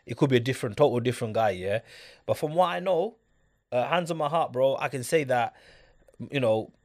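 A man's voice: medium pitch, lively intonation, fairly quick, darkish tone. Man, casual discussion, emphatic, keeps checking in with the listener. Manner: emphatic, keeps asking "do you get it?".

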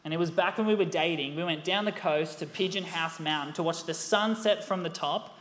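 A young man preaching a sermon, telling a story with lively rhetorical questions. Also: a little high, brisk. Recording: echoey hall, long reverb.

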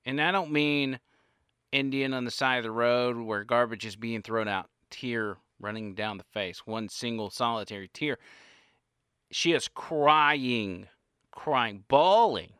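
Bright, animated male storyteller. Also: measured pace, clean tone, no echo, clean studio sound. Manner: animated, with varied pitch and loudness. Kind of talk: casual spoken anecdote.

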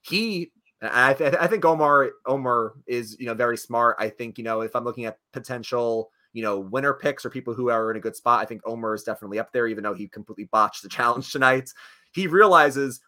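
Bright-voiced man chatting animatedly. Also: medium pitch, brisk. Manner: animated, rambling with fillers and restarts. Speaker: podcast co-host. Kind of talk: casual chat.

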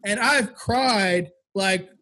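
A man in his thirties with a high voice shares personal stories in a relaxed podcast chat. He talks candidly and reflectively, as a co-host who runs a business. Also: drawn-out words. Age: 30s. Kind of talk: casual chat.

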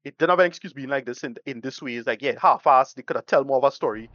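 A man's voice: medium pitch, quick pace, fairly bright tone, no echo, dull audio. A man co-hosting a casual podcast film review, blunt and rambling, swearing freely as he delivers his verdict. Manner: blunt, rambling, swears freely, uses Caribbean-style English.

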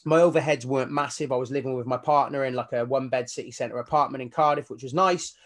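A man, a fitness coach telling his story as a guest in a casual interview, animated and swearing casually as he acts out his own inner voices. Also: medium pitch, fast talker.

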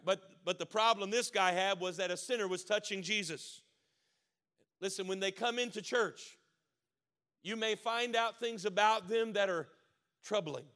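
A man preaching a sermon with a Baltimore accent, building to loud emphatic preaching. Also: sits high. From Maryland. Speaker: pastor.

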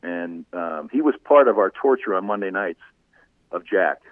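A middle-aged man, a former sportscaster and guest, telling stories conversationally, animated and laughing often. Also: deep voice, normal speed, no room sound. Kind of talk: conversational storytelling. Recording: tinny phone-like line.

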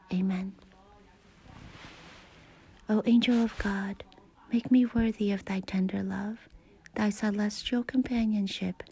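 A woman reciting prayers in a soft, hushed whisper, then chatting quietly. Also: medium pitch, creaky, husky.

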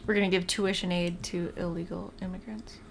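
A woman's voice: on the low side, steady tone, brisk. A woman with a nasal voice, chatting casually and teasing her co-host late at night at home. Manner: dry, teasing. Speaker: podcast guest. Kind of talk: casual chat over drinks. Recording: home recording with clear background noise.

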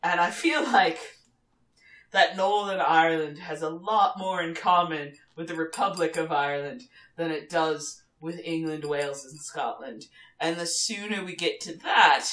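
A woman's voice: low-pitched, unhurried, a bit bright. A woman who teaches, co-hosting a podcast in casual chat, emphatic and opinionated, repeating herself and swearing. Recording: roomy echo.

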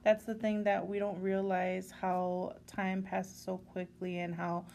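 A woman in her thirties co-hosting a podcast, talking in a warm, reflective way and now and then dropping in a Spanish phrase. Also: medium pitch, monotone, unhurried, vocal fry, slight background noise. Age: 30s. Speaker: podcast co-host. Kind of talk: casual chat.

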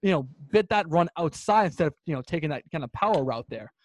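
A man's voice: on the high side, lively intonation, quick pace, no room sound. A man co-hosting a sports podcast in casual chat, emphatic and ranting, repeating his points for effect. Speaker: podcast co-host.

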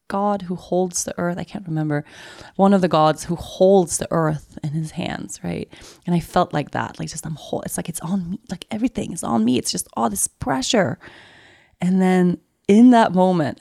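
Soft-spoken woman with a gravelly edge. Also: lowish voice, no room sound, clean studio sound. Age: adult with a daughter. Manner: soft, intimate, often drops to a whisper; emotional, confessional, repeats phrases. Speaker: podcast host. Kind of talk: reflective personal storytelling.

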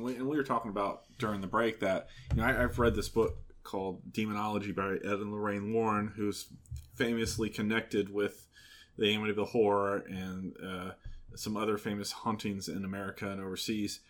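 Male podcast co-host, slightly low voice, relaxed and opinionated film talk. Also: brisk. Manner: chatty and opinionated, agreeing often. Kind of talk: casual movie discussion.

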